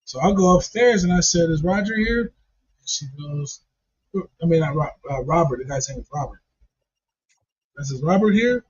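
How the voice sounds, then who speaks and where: A man's voice: on the high side, moderate pace, long pauses, a little mellow, slightly rough. A man casually telling a profane, funny story and laughing along as he goes. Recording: dull lo-fi recording.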